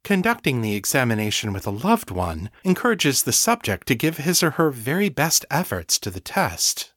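A man reading an audiobook, voicing a collective hive mind that speaks in a mild, measured, formal way. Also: medium pitch, sing-song, a bit bright, dry recording, clean studio sound. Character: calm collective hive mind of many psychics.

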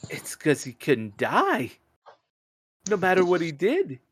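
A man hosting a casual podcast chat, rambling and animated, laughing often as he talks. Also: high-pitched, slow pace.

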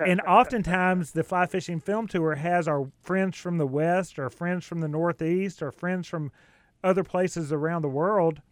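A man's voice: high-pitched, unhurried, no echo. A man with a Southern US accent hosting a radio interview, chatty and enthusiastic as he tells stories. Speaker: radio show host.

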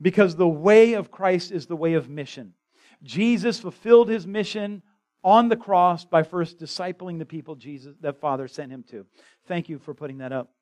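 A man's voice: high-pitched, normal speed, darkish tone. A man preaching a conversational, impassioned sermon as pastor in a church. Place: church sanctuary.

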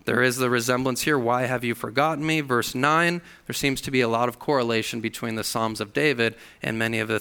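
Guy preaching in church, bright clear voice, earnest, acts out the quotes. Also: mid-range voice. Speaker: pastor. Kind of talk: sermon. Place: church hall.

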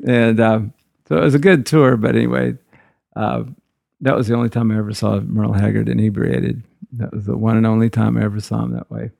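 Man with a gravelly, dry voice. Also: lowish voice, steady tone, fairly quick, darkish tone, dry recording. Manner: rambling, loose and conversational. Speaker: guitarist. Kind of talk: anecdotal storytelling.

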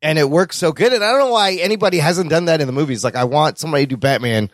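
Brief: male podcast host with a slightly high voice, eager and rambling, recorded dry. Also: very fast, dry recording. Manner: talkative, enthusiastic, many restarts. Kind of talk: casual chat.

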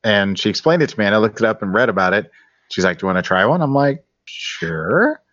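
A man chats casually on a podcast, relaxed and halting, often restarting his sentences. His voice is on the low side. The recording sounds dry and somewhat dull. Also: no room sound. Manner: relaxed, hesitant, with many restarts. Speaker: podcast co-host. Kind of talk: casual chat.

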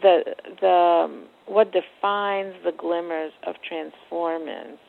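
A woman psychotherapist on a phone interview, talking in a measured, searching way with many fillers. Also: fairly low pitch, fairly even intonation, vocal fry. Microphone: telephone. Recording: tinny phone line.

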